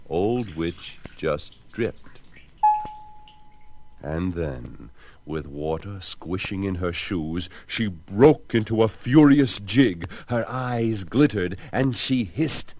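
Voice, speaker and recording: Slow, lively male storybook narrator. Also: fairly low pitch, dry recording. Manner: expressive, theatrical reading.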